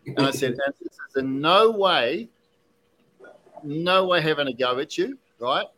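A man hosting a podcast, telling an animated story casually with many restarts and asides. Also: fairly high pitch, measured pace, noisy background. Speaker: podcast host, whiskey distiller.

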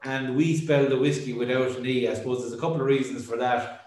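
Irish man, distillery representative, casual chat, hedging, filler-heavy, middling pitch, very echoey room. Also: fairly even intonation, fast talker, a little mellow. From Ireland. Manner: hedging, filler-heavy, often says "I suppose".

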